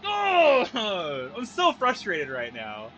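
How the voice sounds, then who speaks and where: A man's voice: high-pitched, sing-song, moderate pace, pushed and bright. A man streaming a video game, venting his frustration and cursing casually as he plays. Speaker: gaming streamer. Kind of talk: casual gameplay commentary.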